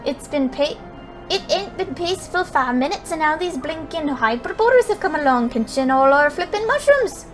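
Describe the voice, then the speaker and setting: A woman voicing an excitable, complaining male forest fairy in a game, with a put-on Scottish accent. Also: sits high, normal speed, soft background music, pitched above the performer's own voice. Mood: worked up.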